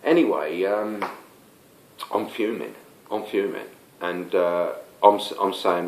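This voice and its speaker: A man's voice: sits low, slow, long pauses, a little hiss or hum. An older man, rambling through a casual spoken anecdote with plenty of fillers and restarts. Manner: rambling, stop-start, many fillers. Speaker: storyteller. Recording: roomy echo.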